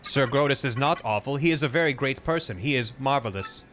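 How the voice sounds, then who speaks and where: A man voicing a proud male computer who speaks in a stiff, measured, formal way and is puzzled by feelings. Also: mid-range voice, a bit bright, faint music behind, natural voice. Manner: stiff, measured robotic delivery.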